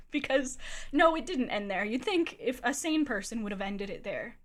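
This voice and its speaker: A woman's voice: a little high, normal speed. Laughing, foul-mouthed woman streamer. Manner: animated, swears a lot, laughs often. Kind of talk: casual storytelling on a live stream.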